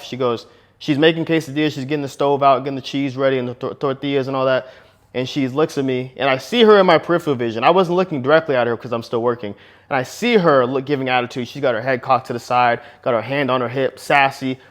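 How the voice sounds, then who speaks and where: Fast-talking young man giving blunt advice. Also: medium pitch. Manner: slangy, punchy, fillers like bro and man. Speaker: relationship advice vlogger. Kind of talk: casual advice talk with storytelling.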